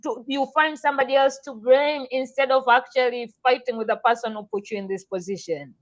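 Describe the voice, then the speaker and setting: A woman co-hosting a casual podcast chat, animated and slangy, swearing casually. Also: sits high, a little fast, poor audio.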